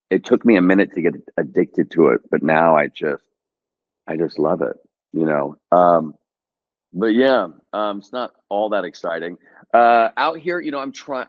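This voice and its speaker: A man in his thirties, an actor and guest, talking casually and telling a story in a halting, hesitant way. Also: low voice, highs cut off. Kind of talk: casual chat.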